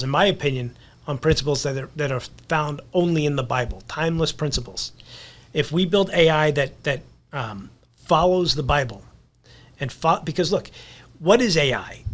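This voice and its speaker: A man guesting on a podcast, talking earnestly in a casual conversation and repeating words as he builds a point. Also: on the high side.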